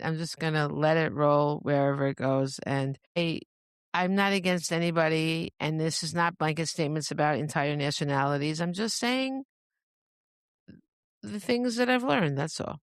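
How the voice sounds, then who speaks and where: A woman's voice: sits low, dry recording, clean studio sound. A woman hosting a podcast in a rambling, chatty monologue, often breaking into laughter. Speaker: podcast host. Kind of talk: casual monologue.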